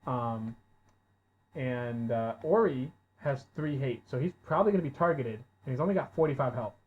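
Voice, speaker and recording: Narrating at a normal speed, a medium-pitched male game master runs a tabletop RPG, calling rolls and reacting to surprises by getting loud and swearing. The recording is dull and lo-fi.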